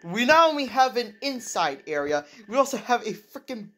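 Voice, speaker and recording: A young woman giving excited commentary over her gameplay, full of exclamations, repeats and restarts. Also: a little high, normal speed. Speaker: gaming video creator.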